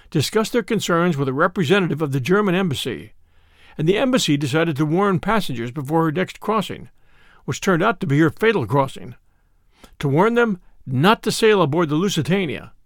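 A man narrating a second-person historical audio story in an expressive storytelling manner. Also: a little high, no room sound, studio quality.

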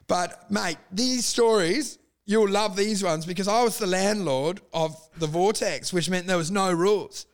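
High-pitched middle-aged man, brash raconteur, swears freely, laughs through his tales. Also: measured pace, hardly any pauses, smooth. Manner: crude, animated, laughs through stories. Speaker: guest telling stories. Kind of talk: casual storytelling chat.

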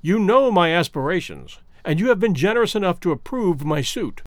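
A man's voice: high voice, sing-song, fairly quick, dry recording, clean studio sound. A man reading an audiobook, voicing an anxious young suitor who pleads earnestly for support. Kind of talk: audiobook character voice.

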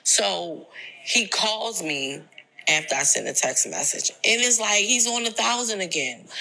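A woman's voice: mid-range voice, animated, normal speed, creaky, sharp tone, rough recording. A young woman telling a personal story in a frank, emphatic way, retelling an argument.

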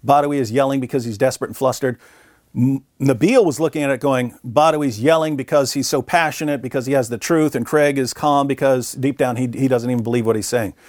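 A middle-aged man, a guest in an interview, telling a story in a relaxed, chatty way and briefly acting out the voices of people he quotes. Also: medium pitch, fast, no echo, clean studio sound. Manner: animated, acts out quoted voices. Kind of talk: conversational storytelling.

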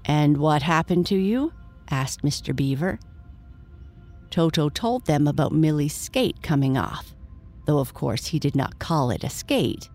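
A woman reading a bedtime story aloud, gentle and measured. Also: sits low, sing-song, soft background music.

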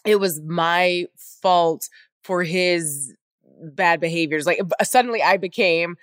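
A woman's voice: lowish voice, slow pace, fairly bright tone, dry recording, studio quality. A woman hosting a casual interview conversation, speaking candidly and reflectively. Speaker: podcast host.

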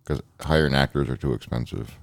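A man co-hosting a podcast in casual chat, joking with quick, profane comebacks. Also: rumbling low, vocal fry, no room sound. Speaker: podcast co-host.

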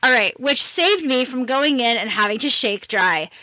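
High, bright, giggly woman podcast host. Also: expressive, moderate pace, dry recording. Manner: giggly, playful, reads listener letters. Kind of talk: casual chat.

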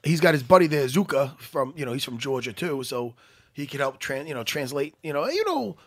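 A man co-hosting a casual talk show, telling animated, profane stories. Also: a little high, brisk, no echo, studio quality. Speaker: podcast co-host. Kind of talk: casual chat.

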